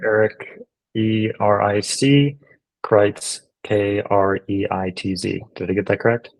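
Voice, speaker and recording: A man's voice: lowish voice, flat delivery, takes it slowly, gravelly, poor audio. A man who is a veteran, hosting a casual interview and speaking to his guest in a friendly, brotherly way. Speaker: podcast host, veteran.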